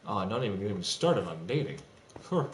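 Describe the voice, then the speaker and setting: A man's voice: on the low side, sing-song, a little fast. A young man ranting in an agitated, profane, rambling monologue with frequent restarts, recorded in a home room with faint typing behind. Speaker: streamer. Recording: echoey room, faint background noise.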